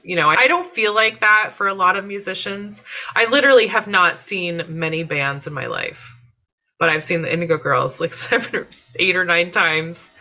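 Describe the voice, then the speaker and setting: A woman chats casually on a podcast in a low but bright voice. She talks with plenty of fillers and laughs now and then. The audio sounds slightly muffled. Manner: chatty, laughing, many fillers. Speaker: podcast guest.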